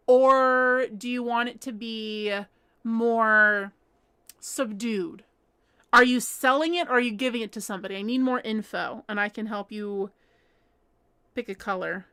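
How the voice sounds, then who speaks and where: Bright, high-voiced, giggly woman streamer. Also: clear, resonant tone. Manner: chatty and giggly, laughs often. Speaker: crochet livestream host. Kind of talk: casual livestream chat reading comments. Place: at home.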